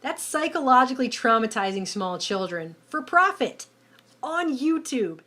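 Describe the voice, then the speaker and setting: A woman's voice: high-pitched, big pitch swings, moderate pace, sharp tone, a little hiss or hum. A woman giving indignant, emphatic commentary on video clips.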